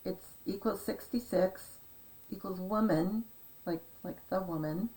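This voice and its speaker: A woman's voice: mid-range voice, unhurried, darkish tone, poor audio. A woman rambling through a casual monologue as a vlogger, meandering and hesitant, often trailing off into asides. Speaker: conspiracy decoding vlogger.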